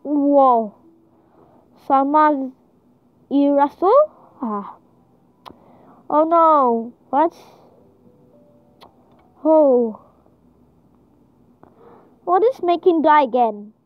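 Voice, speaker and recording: Woman gamer, very high voice, slow halting delivery, panicky exclamations, tinny phone-like dry sound. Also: no room sound. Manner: excitable, frequent panicked exclamations. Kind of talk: panicked gameplay commentary.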